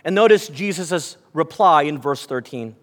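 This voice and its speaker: High-voiced male pastor, reverberant hall. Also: expressive, normal speed, fairly bright tone. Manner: storytelling, reads scripture aloud, addresses congregation. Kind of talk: sermon.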